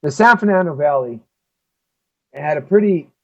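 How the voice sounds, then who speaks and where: High-voiced ranting male talk show host. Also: lively intonation, moderate pace, dull audio. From Southern California. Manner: heated, repetitive, rhetorical questions. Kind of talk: ranting solo monologue.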